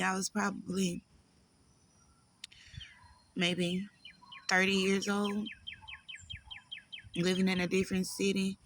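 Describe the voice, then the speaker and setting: Woman, gravelly, halting personal storytelling, emotional, pauses often. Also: mid-range voice, fairly bright tone, slight background noise. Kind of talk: personal life story told to camera.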